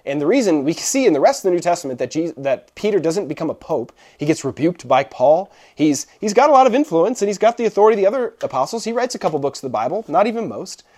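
A man's voice: fairly high pitch, sing-song, fast talker, hardly any pauses, darkish tone. A young man preaching a casual sermon, checking in with his listeners often as he explains. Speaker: pastor. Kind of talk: conversational sermon.

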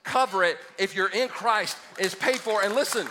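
A man's voice: high-pitched, big pitch swings, fairly quick, hardly any pauses, pushed and bright, a faint crowd. A man preaching a sermon, folksy and joking, building to emphatic points. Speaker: pastor. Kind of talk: sermon with storytelling. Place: large church hall. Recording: reverberant church hall.

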